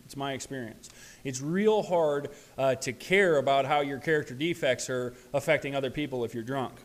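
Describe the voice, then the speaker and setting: A man speaking at a recovery meeting, sharing candidly in a halting way with many restarts. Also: medium pitch. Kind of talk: personal sharing talk.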